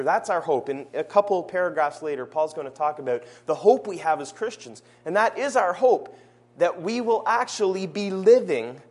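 Male preacher, fairly high voice, earnest sermon delivery that slows for emphasis at a church service. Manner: earnest, slows down to stress key phrases.

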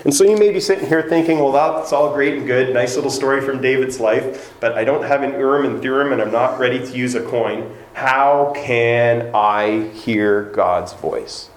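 A pastor's sermon, delivered conversationally in a mid-range voice at a fairly quick clip with few pauses, includes acted-out quoted voices. It was recorded in an echoey church with faint background ambience.

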